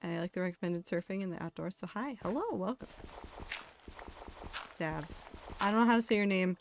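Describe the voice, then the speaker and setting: A woman's voice: fairly low pitch, fairly quick, a little hiss or hum. A young woman streamer chatting candidly while she plays, swearing casually and reading chat messages aloud. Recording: faint music behind.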